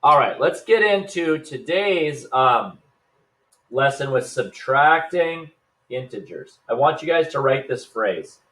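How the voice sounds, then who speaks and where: A man's voice: mid-range voice, lively intonation, slow, fairly bright tone. A male teacher giving a recorded math lesson, casual and upbeat, talking straight to his students.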